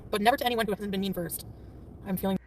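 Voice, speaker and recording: A woman chatting on a casual livestream, quick and defensive, often laughing and snapping back at commenters. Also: mid-range voice, fairly even intonation. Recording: distant mic with faint traffic noise.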